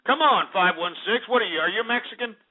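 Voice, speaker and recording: Brash high-voiced radio host man. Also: expressive, a little fast. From Texas. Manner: brash, mocking, profane. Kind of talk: call-in talk radio. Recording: tinny phone-like line.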